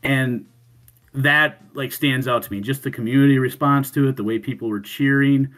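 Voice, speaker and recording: A man on a podcast telling a story in casual chat, animated, swearing freely and laughing, often restarting his sentences. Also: medium pitch, moderate pace. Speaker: podcast co-host.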